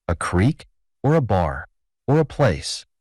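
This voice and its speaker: Guy putting on gruff prospector types, testy, folksy drawl, pitch jumps all over. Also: very animated, slow pace, a little mellow, dry recording, clean studio sound, heavily acted. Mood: rough. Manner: folksy frontier dialect, testy. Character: rough gruff male gold prospectors.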